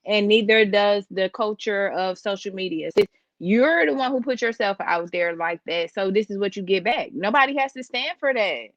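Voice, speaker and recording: A woman's voice: medium pitch, normal speed, dry recording, highs cut off. A woman guest on a podcast, chatting casually in a blunt, matter-of-fact way. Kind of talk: casual chat.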